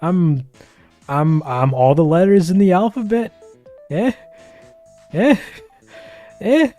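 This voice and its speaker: A man voicing a pushy, excitable talking keyboard. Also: high-pitched, slow pace, faint music behind, voice pushed up. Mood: indignant. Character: brash excitable male keyboard.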